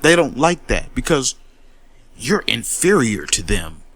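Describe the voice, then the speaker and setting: A man rants in a confrontational, profane monologue and keeps repeating words as he gets worked up. His pitch jumps widely as he talks. The sound is dry and close. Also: very animated, a little slow, a bit bright, no echo. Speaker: commentary host. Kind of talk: heated monologue rant.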